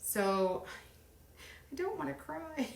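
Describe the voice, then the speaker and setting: Middle-aged woman, craft livestream host; gravelly edge, rambling chat, roomy sound. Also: high voice, big pitch swings, slow, slight background noise. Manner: chatty and rambling, counting softly under her breath. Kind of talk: casual live chat while crafting. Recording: roomy echo.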